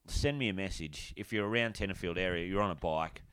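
Casting: easygoing Aussie bloke, slightly low and smooth, dry close recording. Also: male voice, brisk, a bit bright, no room sound. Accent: Australian. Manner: laughs often, encouraging, blokey. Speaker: podcast co-host. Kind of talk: casual chat.

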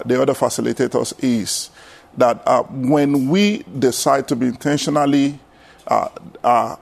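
A man's voice: mid-range voice, gravelly, a little mellow. A man with a Nigerian accent, a pastor and seminary student, speaking at a church panel with many hesitations.

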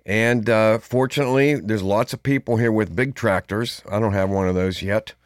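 A man's voice: lowish voice, steady tone, moderate pace, smooth, dry recording. Man, podcast host, casual monologue, rambling, conversational, dry close mic. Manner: rambling, conversational, many fillers and asides.

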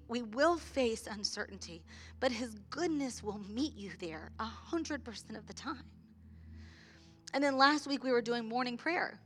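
Bright-voiced woman leading worship. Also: on the high side. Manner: heartfelt, halting with repeated restarts. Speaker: worship leader. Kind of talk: sermon-style worship talk.

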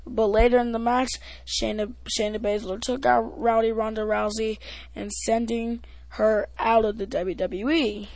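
Brief: higher-voiced woman, podcast host, rambling casual recap, dry close sound. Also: little pitch movement, darkish tone, no room sound. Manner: rambling, halting, with many restarts and fillers. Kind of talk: casual wrestling recap chat.

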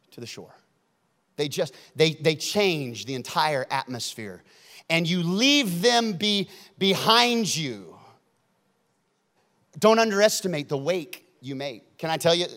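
A man preaching a sermon, swinging from loud emphatic lines to hushed ones. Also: on the high side. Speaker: pastor. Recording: long hall reverb.

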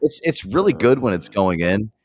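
A man's voice: on the low side, big pitch swings, moderate pace, darkish tone. A man co-hosting a casual podcast, telling a profane story with lots of laughter. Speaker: co-host.

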